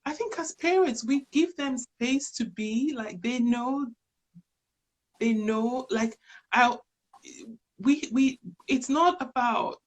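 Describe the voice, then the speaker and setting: A woman's voice: sits high, takes it slowly. A woman in her fifties, a charity chief executive as an interview guest, telling stories earnestly and digressing as she goes. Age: 50s. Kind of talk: conversational interview.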